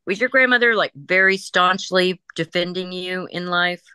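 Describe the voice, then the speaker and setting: A woman working as a psychic medium in a group reading, chatting casually, laughing and passing on messages in quick, informal speech. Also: lowish voice, sharp tone, clear, resonant tone, no echo. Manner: chatty, laughing, relays messages in quoted voices.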